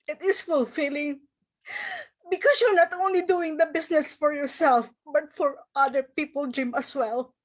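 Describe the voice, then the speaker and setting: High-voiced woman giving a tearful thank-you speech. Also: unhurried. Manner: tearful, grateful, breaks into laughter. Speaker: marketing director giving a recognition speech. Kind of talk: emotional testimonial speech. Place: home.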